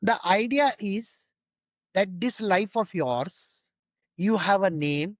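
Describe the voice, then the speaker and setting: A man's voice: sits high, lively intonation, slow pace, dry recording, lo-fi sound. A man giving an informal spiritual teaching, conversational and full of rhetorical questions.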